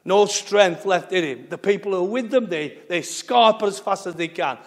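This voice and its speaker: An English pastor delivers his sermon in an emphatic, driving way, hammering home phrases by repeating them. His voice sits high for a man. The sound carries a long, echoing church reverb. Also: moderate pace. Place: church sanctuary.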